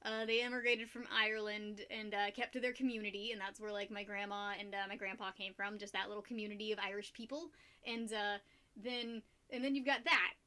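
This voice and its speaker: A woman's voice: mid-range voice, level tone, a little fast, pushed and bright, clear, resonant tone. A young American woman streaming and chatting casually with viewers, rambling, filling with fillers and laughing often. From United States. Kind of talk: casual chat with viewers while painting.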